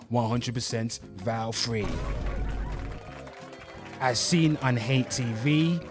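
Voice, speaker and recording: A young man hosting his channel in a brash, crude, repetitive way, hyping merchandise and calling out to viewers. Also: mid-range voice. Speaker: host. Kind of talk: brash comedic channel talk.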